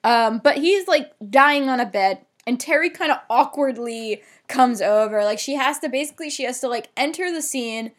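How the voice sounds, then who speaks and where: Chatty podcast lady, kinda high voice, lots of um and like, swears a bit. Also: normal speed, few pauses. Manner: chatty, swears casually, many fillers. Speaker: podcast co-host recapping a TV episode. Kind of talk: casual chat.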